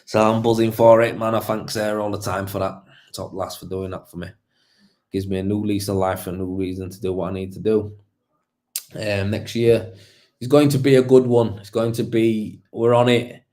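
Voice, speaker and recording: A man's voice: lowish voice, level tone, moderate pace, darkish tone. A young man, a plasterer, hosting a casual livestream, talking bluntly with a lot of swearing, rambling and calling people mate.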